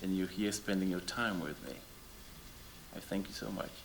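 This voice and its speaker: A man's voice: sits low, normal speed, vocal fry, heavy background noise. Senegalese man talking to a crowd. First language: not English. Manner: animated, asks rhetorical questions. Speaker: musician. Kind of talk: chatting with a live audience between songs.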